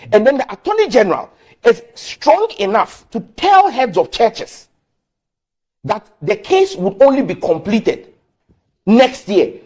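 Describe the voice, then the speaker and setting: A man from Ghana argues with insistent force, his high voice rising and falling in lively swings. There is a husky edge to his voice as he presses his case in a heated political debate. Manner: emphatic, insistent, animated. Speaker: member of parliament guest.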